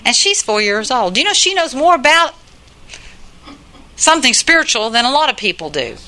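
A woman's voice: sits high, very animated, moderate pace, bright, forceful tone. An older woman preaching a sermon in an earnest, plain-spoken way, repeating her points for emphasis.

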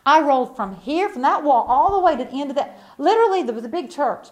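A woman preaching a sermon, telling a folksy story that swings between loud emphatic bursts and hushed asides. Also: sits high, big pitch swings, quick pace.

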